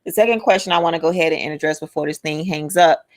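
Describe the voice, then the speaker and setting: A woman co-hosting a casual podcast chat, reading out viewer comments and reacting in an animated, lively way. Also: low-pitched, fast talker.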